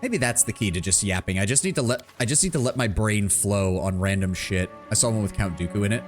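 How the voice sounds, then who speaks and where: A man's voice: fairly low pitch, lively intonation, fast talker, faint music behind. A man streaming a game, rambling casually and swearing often. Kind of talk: casual gaming commentary.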